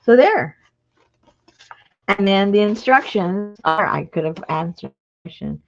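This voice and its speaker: Chatty woman, slow and lo-fi. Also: medium pitch. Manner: chatty and excitable. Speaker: craft channel host. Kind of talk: live-stream craft chat. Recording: dull lo-fi live-stream audio.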